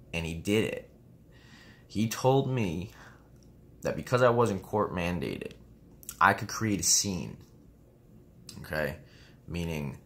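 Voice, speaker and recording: A man's voice: low voice, a bit bright. A man in his twenties telling a personal story casually, rambling and often saying "you know what I mean" with some swearing. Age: 20s. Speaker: vlogger.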